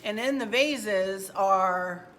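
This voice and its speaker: A woman's voice: mid-range voice, drawn-out words, a bit bright, a little hiss or hum. A middle-aged woman, chatting casually to viewers at home while she shows her fall decorating and crafts. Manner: chatty, homey, addresses viewers as y'all. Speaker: home decor channel host. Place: at home, indoors.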